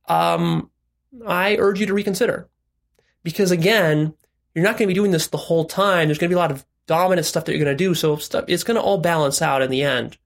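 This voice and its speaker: A man's voice: on the high side, fast, gravelly. A man giving frank, direct relationship and sex advice in a casual monologue, explaining step by step with "right?" asides.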